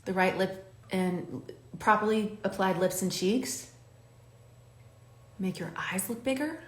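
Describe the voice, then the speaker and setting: A woman's voice: mid-range voice, takes it slowly, roomy sound, slight background noise. A woman hosting a makeup tutorial, chatting and coaching the viewer while she does her own makeup. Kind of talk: talking while doing her makeup on camera.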